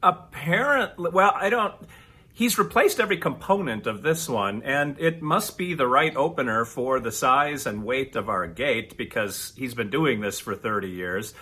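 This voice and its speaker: A man co-hosting a podcast, telling stories in a casual, animated chat with quick asides. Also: medium pitch, husky. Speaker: podcast co-host.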